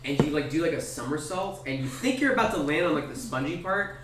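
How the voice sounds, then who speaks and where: A man's voice: a little high, animated, fast. Game master guy rambling thru the scene, lots of ums, sounds far away and echoey. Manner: loose, filler-heavy narration full of "like" and "um". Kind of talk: narrating a tabletop game. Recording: roomy, distant, noisy recording.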